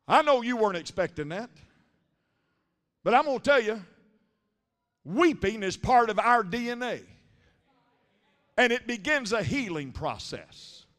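A man preaching a sermon in church, moving from quiet storytelling to shouted climaxes. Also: sits high, sing-song, unhurried, long pauses. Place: church sanctuary during a service. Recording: reverberant church sanctuary.

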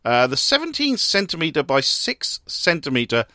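Male radio host, playful news reader, higher voice, dry studio sound. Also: wildly swooping pitch, normal speed, sharp tone, no room sound. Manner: playful, teasing reading of odd news stories. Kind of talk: comic sports radio chat.

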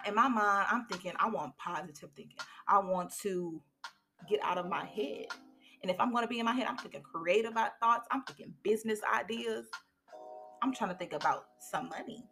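A woman's voice: medium pitch, bright, forceful tone. A woman in her thirties hosting a podcast, giving a candid, colloquial motivational talk. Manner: candid, colloquial, preachy storytelling. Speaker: podcast host.

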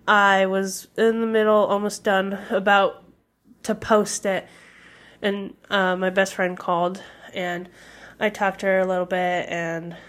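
Slow-talking young woman podcast host. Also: medium pitch, a bit bright. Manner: hesitant, many fillers, vague and candid. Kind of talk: casual solo podcast talk.

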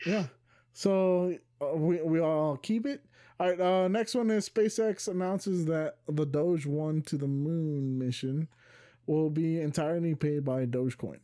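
A man's voice: a little high, measured pace, dark tone. A man co-hosting a podcast, chatting casually, swearing freely and bringing up each new topic. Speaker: podcast co-host. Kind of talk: casual chat.

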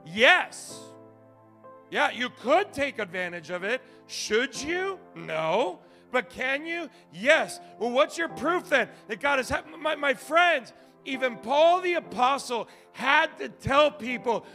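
A male pastor preaching a sermon, telling stories with big swings from shouting to hushed asides. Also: extremely high pitch, slow, soft background music. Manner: animated storytelling, swings from shouting to quiet.

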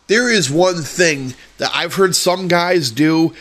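A man's voice: fairly high pitch, takes it slowly, a bit bright. A man hosting a solo podcast, ranting with lots of profanity in an exasperated way. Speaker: podcast host.

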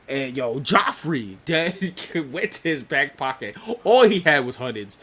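A man's voice: medium pitch, very animated, unhurried, a bit bright. A man co-hosting a podcast, recapping a show episode in casual, profane talk, laughing often and restarting sentences. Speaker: podcast co-host.

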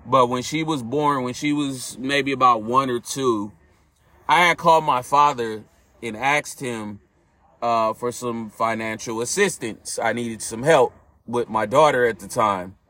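A man's voice: medium pitch, bright, forceful tone. A man hosting a podcast, telling a personal story in an earnest, reflective way and speaking directly to his listeners. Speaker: podcast host.

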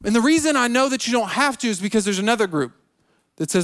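A man's voice: extremely high pitch, expressive, fast talker, a bit bright. A man preaching a sermon as a pastor, repeating himself and restarting his phrases, acting out people's excuses. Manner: repetitive, stammering restarts, acts out quoted excuses.

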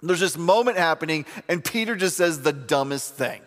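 Male preacher, humorous storyteller, lively pitch swings, long hall reverb. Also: normal speed. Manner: animated storytelling with humor and quoted voices. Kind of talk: sermon.

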